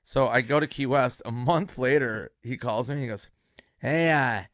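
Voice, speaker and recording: A man's voice: medium pitch, moderate pace, dry recording, studio quality. Laid-back man telling a story. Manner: laid-back, acts out quoted voices. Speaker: comedian guest. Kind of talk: casual storytelling.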